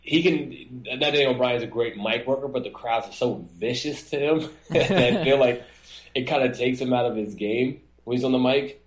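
A man co-hosting a casual wrestling podcast, talking in an animated way and acting out quotes in a high mocking voice. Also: moderate pace, reverberant, poor audio. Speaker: podcast co-host.

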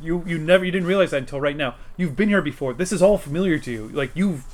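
A man as game master narrating a tabletop role-playing game, emphatic and animated. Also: on the high side, fast talker, slight background noise.

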